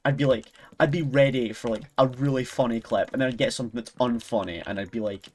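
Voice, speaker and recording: A young man with a Scottish accent talks to his stream chat at a mid-range pitch. He rambles, swears freely, restarts his sentences and keeps breaking into giggles. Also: quick pace, hardly any pauses, a little mellow. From Scotland. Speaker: live streamer. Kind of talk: casual chat with stream viewers.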